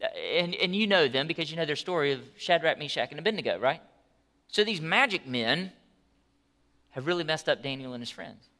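A man preaching a sermon as pastor, telling the story in an animated, conversational way with asides. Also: fairly high pitch, fairly quick.

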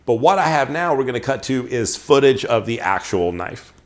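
A man's voice: medium pitch, very animated, moderate pace. A man hosting a show, giving a casual, chatty product review full of ums and restarts. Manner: chatty, filler-heavy, restarts sentences.

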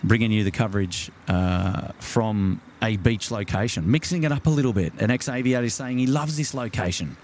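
A man's voice: fairly low pitch, fairly quick, hardly any pauses, darkish tone, a little hiss or hum. An Australian man hosting a live stream outdoors at night by the water, chatting casually and greeting viewers by name with plenty of fillers.

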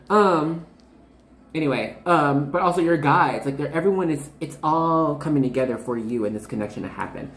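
A woman's voice: sits low, normal speed, reverberant, a little hiss or hum. Rambling young woman reading tarot. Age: 20s. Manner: rambling, filler-heavy, bubbly and self-interrupting. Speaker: tarot reader. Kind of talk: casual tarot reading to camera.

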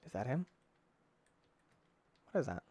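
Excitable young man, lively swings. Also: medium pitch, measured pace, husky, dry recording. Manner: excitable, exclaims and talks to himself; mild cursing substitutes like frick and stinking. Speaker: gaming YouTuber. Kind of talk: let's play commentary.

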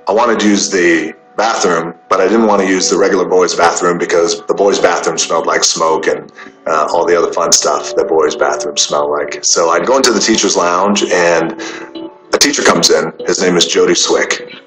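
A man and interview guest, telling personal stories in a measured, unhurried way with pauses. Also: low voice, fairly even intonation. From United States. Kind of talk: casual storytelling. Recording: roomy with faint music behind.

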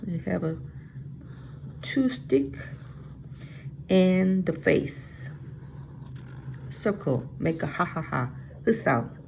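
A middle-aged woman with a Korean accent leads a Korean alphabet lesson, speaking very slowly and with patience. Her voice carries a gravelly edge. A faint noise hums under the recording. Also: fairly low pitch, animated, a little mellow, low-quality recording. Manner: patient, repeats sounds slowly and stresses them. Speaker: language teacher.

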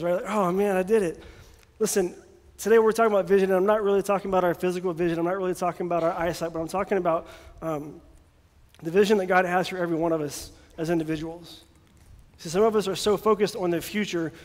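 A man preaching a sermon in a casual, joking way, sometimes acting out voices, recorded in a church. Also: high-pitched. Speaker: pastor. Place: church sanctuary. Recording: long hall reverb.

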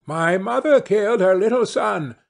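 A man's voice: high voice, sing-song, slow pace, vocal fry, a little mellow, voice pushed up, full character voice. A man voicing a murdered little boy reborn as a bird, chanting his song in a sing-song way.

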